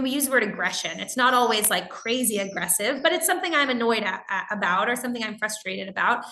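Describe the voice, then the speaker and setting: A woman with a bright, fairly high voice teaches a live webinar over a computer microphone. She talks in a chatty, explaining way, working through examples and answering chat questions. The room sounds roomy, with audible echo. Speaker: webinar instructor.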